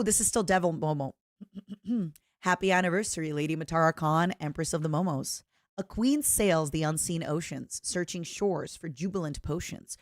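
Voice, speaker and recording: A woman's voice: fairly low pitch, no echo, studio quality. A woman streamer chatting casually and reading viewer letters aloud, in a playful, self-mocking way.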